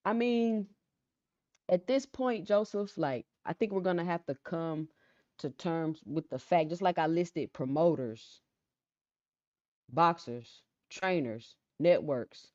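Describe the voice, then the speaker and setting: Low-voiced woman hosting a casual livestream. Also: slow pace, no room sound. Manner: repeats phrases, reads out chat comments; calm, low-key delivery. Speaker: livestream host. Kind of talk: casual live-stream chat. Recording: dull lo-fi sound, dry.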